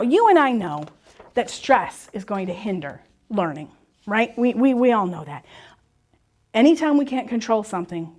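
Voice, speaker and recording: Woman stepping through rules with quick questions. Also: a little high, darkish tone. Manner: explains step by step with quick questions and answers. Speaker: teacher giving a workshop. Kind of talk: presentation to teachers and parents.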